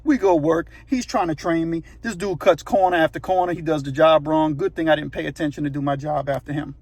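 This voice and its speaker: Guy with a high voice just telling a story, real dry close mic. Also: fairly even intonation, a little fast, darkish tone, dry recording. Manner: conversational, keeps checking in with the listener. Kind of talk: casual spoken storytelling.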